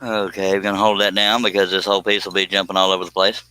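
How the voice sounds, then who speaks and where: A man's voice: low voice, level tone, fast talker, pushed and bright, a little hiss or hum. A man hosting a woodworking live stream, chatting casually and joking as he reads viewer comments. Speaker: woodworking livestream host.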